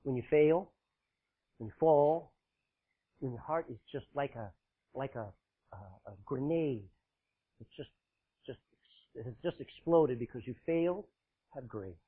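A man preaching a sermon to a congregation, emphatic and forceful, joking with the listeners in between. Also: medium pitch, measured pace, pauses often, breathy edge. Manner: forceful, emphatic preaching with sudden loud bursts and dramatic drops; laughs often, jokes with the congregation. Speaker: pastor. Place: church, live congregation. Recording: tinny phone-like sound.

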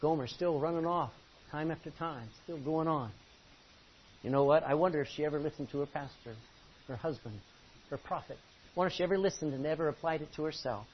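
A man's voice: fairly quick, breathy edge. Impassioned preacher man, lo-fi recording. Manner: impassioned, swinging from loud pleading to low intensity. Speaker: pastor. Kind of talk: sermon. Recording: dull lo-fi recording with faint hiss.

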